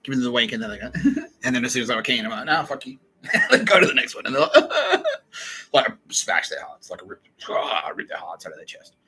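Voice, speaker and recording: A man's voice: mid-range voice, quick pace, breathy edge, rough recording. Rambling, profane man telling a story. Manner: profane, laughing, excitable storytelling. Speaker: podcast host. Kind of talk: rambling comic monologue.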